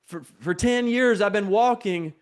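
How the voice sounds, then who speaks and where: A fairly high-pitched man delivers an energetic, conversational sermon at a measured pace, his tone clear and resonant. He repeats key phrases and has listeners echo them back in call-and-response style.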